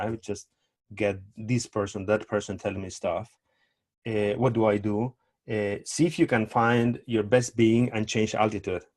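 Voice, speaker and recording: Animated man giving tango advice. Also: on the low side. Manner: animated, acts out quoted lines with playful voices. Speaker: tango teacher. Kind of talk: casual advice talk.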